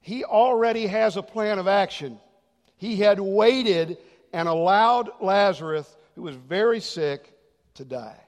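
A man preaching a sermon as pastor, swinging from loud emphatic lines to hushed, near-whispered ones. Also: high-pitched, measured pace, long reverb tail.

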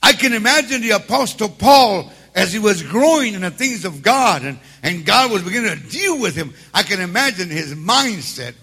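Raspy, gravelly older man preaching. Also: big pitch swings, normal speed, hardly any pauses. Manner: builds from low storytelling to shouted exhortation; streetwise, repeats words at restarts. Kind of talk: sermon with personal stories.

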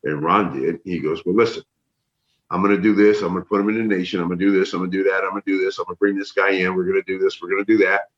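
A middle-aged man from the northern United States telling animated stories as an interview guest, acting out what others said. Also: low voice, racing, echoey room. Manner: animated storyteller, acts out quotes. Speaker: interview guest, former wrestler. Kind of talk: casual storytelling. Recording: dull lo-fi sound.

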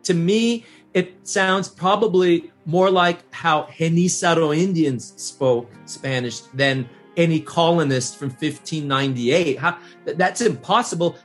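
A man from northern New Mexico, speaking as a historian guest on a podcast, emphatic and animated, often restarting his sentences. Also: a little high, breathy edge. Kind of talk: casual podcast conversation.

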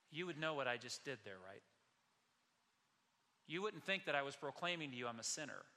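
A man preaching a sermon as pastor, with dramatic delivery that builds to shouted scripture quotes. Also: fairly high pitch. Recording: long reverb of a large hall.

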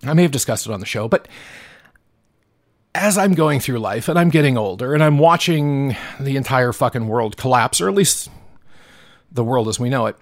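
A man's voice: mid-range voice, lively intonation, moderate pace, no echo, studio quality. A man hosting his own podcast, ranting in a profane, worked-up way with frequent stumbles and restarts. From Pacific Northwest of the US. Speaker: podcast host. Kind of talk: solo podcast monologue.

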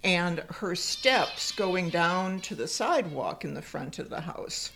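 A woman's voice: on the low side, creaky, slight background noise. An older woman co-hosting a podcast, telling family stories in a casual chat. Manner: slow, animated storyteller. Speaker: podcast co-host.

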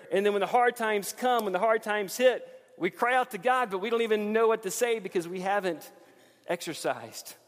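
A man preaching in a church with a fairly high voice. His sermon swings between loud, rising emphasis and quiet, intense passages. A long reverb trails behind every phrase. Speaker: pastor.

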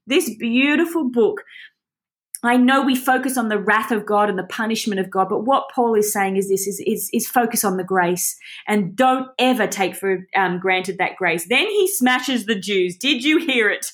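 A woman's voice: medium pitch, moderate pace, fairly bright tone. A woman giving an informal, passionate Bible teaching in a conversational, rambling way.

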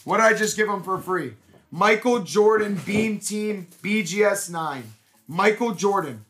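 Man, card break host, high voice, bright tone, shouty hype. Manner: shouting, rapid-fire hype with repeated exclamations. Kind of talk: excited live card-break stream.

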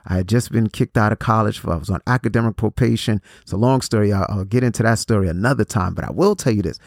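A man's voice: on the low side, fast, creaky, darkish tone, no echo, studio quality. A man in his forties giving a motivational talk, preachy in tone, repeating phrases and restarting his sentences. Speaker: motivational speaker.

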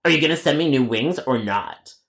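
A man's voice: mid-range voice, expressive, vocal fry, a bit bright. A man doing a stubborn, insulting rude customer. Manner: insulting, stubborn, drawn-out complaints. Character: rude, whiny grown man customer demanding free wings.

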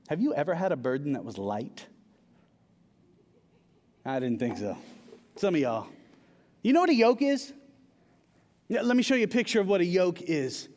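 A male pastor with a drawl delivers a conversational sermon, his voice pitched notably high. He leans on repeated words to build emphasis, and the sound rings with long church-hall reverb. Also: a little mellow, a little hiss or hum. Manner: conversational preaching with repetitions and rising emphasis.

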